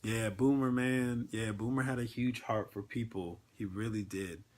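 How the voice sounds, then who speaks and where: A man's voice: fairly low pitch, steady tone, moderate pace. A man hosting a casual livestream, talking in an earnest, emotional way with many filler words and ums. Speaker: network marketing livestream host.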